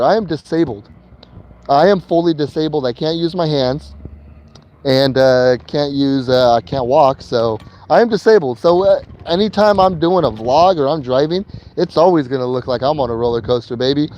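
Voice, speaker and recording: A man's voice: fairly high pitch, moderate pace, darkish tone. A man telling a personal story in a casual vlog while in a vehicle he is driving, talking loosely with slang and many fillers and repeats. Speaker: vlogger.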